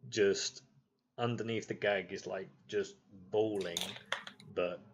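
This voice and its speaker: A man's voice: fairly low pitch, fairly even intonation, takes it slowly, heavy background noise. A man running a tabletop game, narrating in a loose way with plenty of fillers. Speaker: game master.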